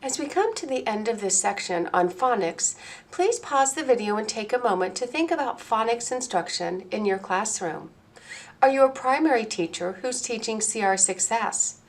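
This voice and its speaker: A woman presenting a recorded teacher-training lecture on phonics, explaining each point slowly and deliberately, step by step. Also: fairly high pitch, lively intonation.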